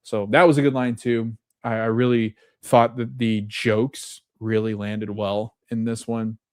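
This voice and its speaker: A man's voice: medium pitch, level tone, measured pace, darkish tone, no echo, studio quality. A man hosting a podcast, casually recapping and reacting to a TV episode in a rambling way, full of fillers and loosely retold quotes. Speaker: podcast host.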